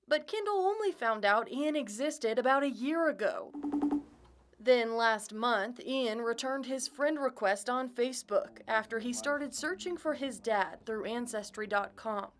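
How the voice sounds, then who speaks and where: A woman reporter narrating a news story in a measured, polished way. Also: on the high side, animated, a little hiss or hum.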